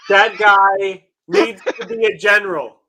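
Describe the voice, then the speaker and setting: A man's voice: sits high, steady tone, measured pace, a crowd in the background. A man chatting casually, drawing out words and dropping joking asides. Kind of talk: casual chat.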